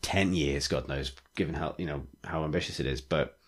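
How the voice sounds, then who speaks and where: A man with a low, deep voice talks in casual podcast chat. He rambles enthusiastically, full of likes and restarts, as a regular co-host. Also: brisk. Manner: rambling, enthusiastic, many fillers.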